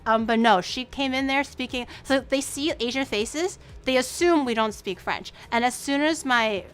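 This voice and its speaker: A woman's voice: high voice, moderate pace, fairly bright tone, clean tone. A young woman from Canada, chatting casually and candidly on a cooking stream, swearing freely and dropping to a murmur for asides. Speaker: streamer host.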